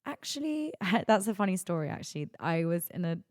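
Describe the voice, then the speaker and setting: A young woman in her twenties talks through her week on her own podcast. Her voice sits a little low, and her speech is rambling and confiding, full of "like". The sound is close and dry, with no room around it. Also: fairly quick, darkish tone, no echo. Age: 20s. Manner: confiding, rambling, heavy use of "like". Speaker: podcast host. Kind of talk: candid solo podcast monologue.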